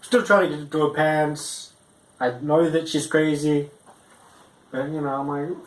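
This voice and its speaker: A young man doing a stand-up story, rambling and halting, with frequent restarts and fillers. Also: on the high side, steady tone, roomy sound, low-quality recording. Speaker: stand-up comic.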